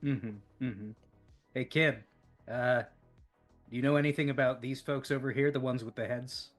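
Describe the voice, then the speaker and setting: A man's voice: medium pitch, steady tone, normal speed, faint music behind. Easygoing man playing an old soldier. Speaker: player. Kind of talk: in-character roleplay.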